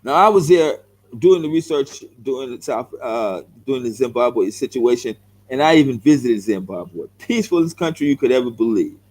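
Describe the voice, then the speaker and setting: A man's voice: mid-range voice, animated, moderate pace, darkish tone, rough recording. A middle-aged man with a Los Angeles accent, a vlogger giving a heated, blunt answer to viewer comments straight into the camera. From South Central Los Angeles, United States. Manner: blunt, confrontational, repeats himself, calls viewers bro. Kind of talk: heated direct-to-camera rant.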